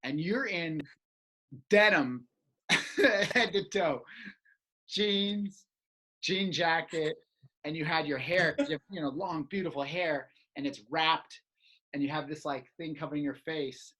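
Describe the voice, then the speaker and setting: A woman's voice: low voice, slow, pauses often, husky, poor audio. A woman hosting a podcast, telling a story in a casual chat and acting out the lines people said. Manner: animated, acts out quoted lines. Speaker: podcast host.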